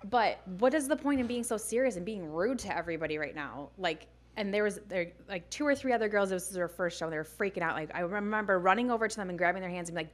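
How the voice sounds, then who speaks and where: A young woman chatting casually as a guest, telling animated stories full of "like" and acted-out quotes. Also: medium pitch, fast talker, few pauses. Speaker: guest, bikini fitness competitor. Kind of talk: casual storytelling chat.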